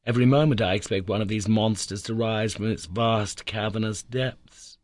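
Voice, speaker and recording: A man narrating an old adventure novel in a measured, suspenseful reading. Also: fairly low pitch, fairly even intonation, darkish tone, dry recording. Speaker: audiobook narrator. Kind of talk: dramatic storybook narration.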